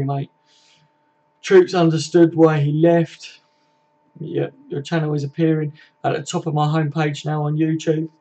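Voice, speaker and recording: Bloke reading chat on a live stream, bit high, flat delivery, calls everyone mate. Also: male voice, husky. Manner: laddish, swears, calls viewers mate. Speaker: football fan live-stream host. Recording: dull lo-fi stream audio.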